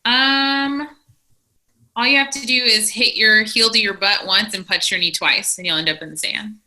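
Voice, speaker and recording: Sharp-voiced young woman explaining plainly. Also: mid-range voice, steady tone, normal speed. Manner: clear, matter-of-fact explaining. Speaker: guest athlete, triple jumper. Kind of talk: explaining in casual chat.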